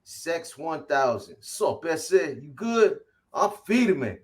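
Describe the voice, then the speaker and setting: A man hosting a casual livestream, reading off viewer names in quick shout-outs and slangy greetings. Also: fairly high pitch, big pitch swings. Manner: rattles off viewer shout-outs, slangy, calls people boy. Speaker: livestream host.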